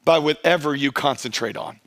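His voice notably high, a middle-aged male pastor brings energy to a sermon yet keeps it easygoing and conversational. Important phrases get stretched out slowly for emphasis, and at times he briefly plays the part of churchgoers talking.

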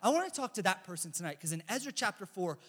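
Young guy youth pastor, high voice, super animated and chatty, says bro a lot, big echoey hall. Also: fast, husky. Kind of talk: casual youth sermon with storytelling.

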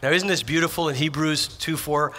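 A man's voice: fairly high pitch, fairly even intonation, brisk, pushed and bright. A man preaching a sermon as pastor, telling personal stories in an earnest, emphatic way with repeated phrases. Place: church sanctuary.

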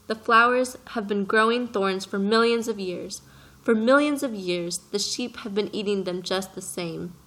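A woman's voice: medium pitch, a bit bright. A woman voicing an earnest little boy prince who presses his questions with passion in an audiobook reading. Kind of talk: audiobook character voice.

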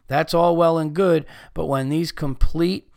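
Podcast host, male, exasperated profane rant, smooth clear voice, dry close mic. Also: a little high, fairly even intonation, measured pace, a little mellow, no echo. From United States. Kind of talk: casual ranting monologue.

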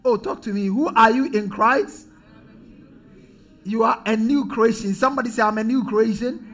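Male preacher, high-pitched and emphatic, leads call-and-response, soft music under him. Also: moderate pace. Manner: call-and-response, emphatic, often rising to shouts. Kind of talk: sermon. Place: church.

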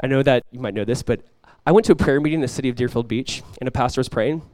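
A man's voice: mid-range voice, very fast, darkish tone, dry recording. A young adult male pastor giving a conversational sermon, joking and acting out little quotes.

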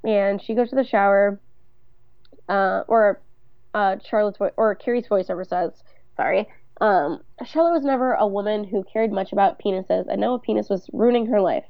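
A woman's voice: medium pitch, normal speed, gravelly, no echo. A woman co-hosting a casual podcast, recapping a TV episode with dry, wry remarks and read-out quotes. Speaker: podcast co-host. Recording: dry, slightly dull mic sound.

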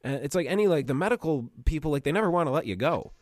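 A man's voice: on the high side, animated, rapid-fire, no room sound, studio quality. A man chatting casually as a podcast host, swearing often, laughing, and acting out other people's voices in quotes. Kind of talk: casual chat.

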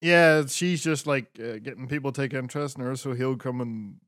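A man's voice: medium pitch, brisk, fairly bright tone, no echo, studio quality. A man co-hosting a podcast, recapping wrestling in a laid-back way with lots of fillers and the odd swear. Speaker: podcast co-host. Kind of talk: casual wrestling chat.

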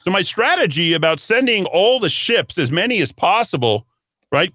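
A man's voice: high-pitched, big pitch swings, normal speed, sharp tone, no room sound, studio quality. A man hosting a political talk radio show, delivering an emphatic, sarcastic monologue.

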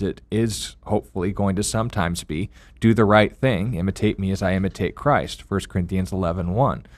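A man's voice: low-pitched, a little mellow, dry recording. A man co-hosting a ministry radio discussion, speaking earnestly and citing scripture references.

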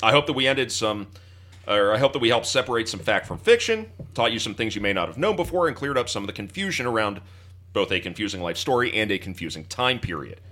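A young man hosts a history podcast, blending dry, mock-formal jokes with earnest thanks to listeners in casual chat and a scripted sign-off. His voice is on the low side and sharp in tone, and he talks fast and animatedly.

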